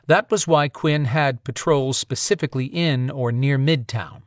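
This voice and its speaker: A man giving steady, measured scripted audiobook narration at a close mic. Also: medium pitch, no echo.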